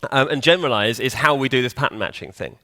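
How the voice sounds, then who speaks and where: A man's voice: mid-range voice, fast talker, sharp tone. A man giving a live conference talk in a hall, chatty and joking, quizzing the audience. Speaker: conference speaker.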